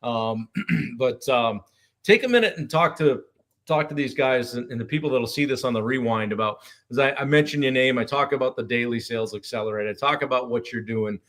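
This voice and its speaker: A man hosting a casual live stream speaks briskly in a medium-pitched voice while talking with a guest over a video call. Relaxed and chatty, he frequently restarts and fills pauses.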